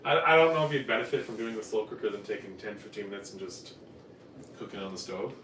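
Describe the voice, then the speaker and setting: A man's voice: fairly low pitch, fairly even intonation, fast talker, echoey room, recorded from a distance, noisy background. A man from Newfoundland hosting a casual live cooking stream, talking in a rambling, chatty way and correcting himself as he goes. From Newfoundland, Canada. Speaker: cooking show host. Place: home kitchen.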